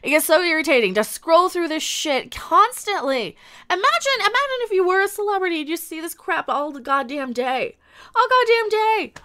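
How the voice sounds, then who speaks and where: Brief: exasperated woman, high sharp voice, angry swearing rant. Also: animated, normal speed. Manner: angry, exasperated ranting with heavy swearing and repetition. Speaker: YouTube commentator. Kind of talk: ranting commentary video.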